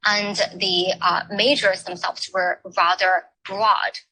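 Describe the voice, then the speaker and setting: A woman lectures at an education forum in an unhurried, measured way. Her voice is bright and crisp. She stops often on fillers as she picks her next words. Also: medium pitch, flat delivery, slight background noise, rough recording. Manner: halting, with frequent filler pauses. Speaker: forum speaker. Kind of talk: academic talk on education history.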